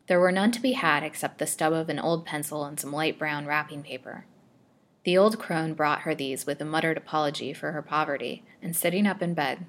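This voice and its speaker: Low-voiced woman reading a serial novel. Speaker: storyteller. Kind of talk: scripted narration of a serial novel.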